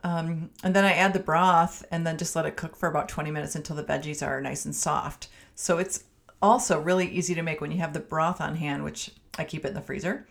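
A middle-aged woman, hosting her own podcast as a family physician and talking in a chatty, homey way with many ums and restarts. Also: fairly low pitch. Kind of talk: casual solo podcast talk.

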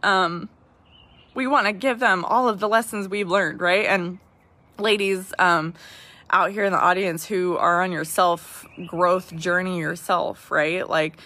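Bright-voiced woman sharing heartfelt reflections. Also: on the low side, fairly even intonation, unhurried, dry recording. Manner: heartfelt, frequent restarts and "right?" asides. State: tearful at times. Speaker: podcast host. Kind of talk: personal reflective talk to listeners.

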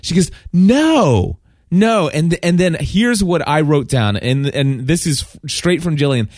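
A man from Kentucky hosts a podcast in a casual, earnest way, often stumbling and restarting as he gets emotional. His voice sits a little high. The recording is close and dry. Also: moderate pace, no room sound. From Kentucky, USA. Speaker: podcast host.

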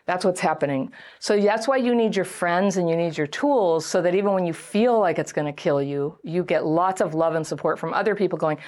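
A middle-aged woman giving casual advice on dating and trauma, chatty and animated, often acting out what people say. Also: fairly low pitch, brisk, few pauses. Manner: chatty, animated, acts out quoted voices. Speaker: relationship and trauma advice host. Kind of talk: casual direct-to-camera advice talk.

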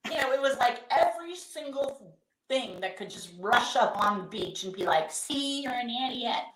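A middle-aged woman being interviewed, telling candid stories and acting out quoted lines in a lively conversational way. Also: fairly high pitch, moderate pace, reverberant, rough recording. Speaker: guest, event company founder.

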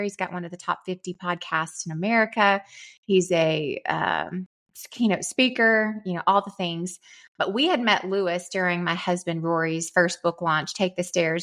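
Bright-voiced woman telling a story. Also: mid-range voice. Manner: lively storyteller, acts out quoted dialogue. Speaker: guest, company co-founder. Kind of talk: storytelling interview.

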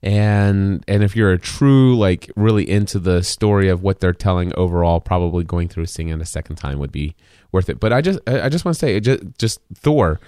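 Man podcast host, fairly low voice, rambling casual talk, dry sound. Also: fairly quick, few pauses, warm tone, smooth, dry recording. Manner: rambling, with restarts and hedging. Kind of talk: casual chat.

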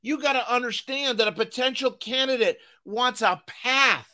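A man hosting a business podcast, giving an energetic motivational talk and repeating phrases for emphasis. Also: very high-pitched, moderate pace. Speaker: business coach and podcast host.

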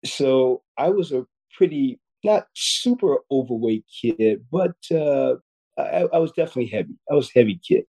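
An earnest man in his fifties, speaking as a podcast guest. His voice sits at a middle pitch with a dark, mellow tone. He tells a personal story and often restarts and repeats words. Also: animated, moderate pace, breathy edge, poor audio. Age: 50s. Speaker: guest surgeon.

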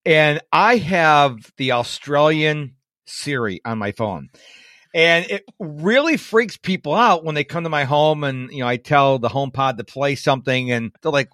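A man in his fifties hosting a podcast interview, energetic and joking. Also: fairly high pitch, moderate pace, no room sound, studio quality. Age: 50s. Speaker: podcast host.

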